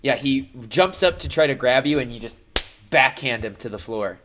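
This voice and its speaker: A man's voice: mid-range voice, lively intonation, normal speed, background noise. A man narrating a live-streamed tabletop game as game master, playful and jokey, with frequent fillers.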